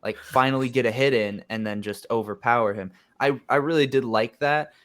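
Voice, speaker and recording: A man's voice: medium pitch, brisk, a bit bright. Thoughtful man in casual talk. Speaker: podcast guest. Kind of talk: casual chat.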